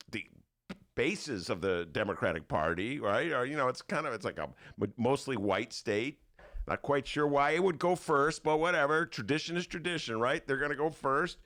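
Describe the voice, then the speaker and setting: A man's voice: medium pitch, moderate pace. An older man hosting a podcast, telling stories in a casual comedic monologue and slipping into put-on voices. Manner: animated storytelling with put-on voices. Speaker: podcast host.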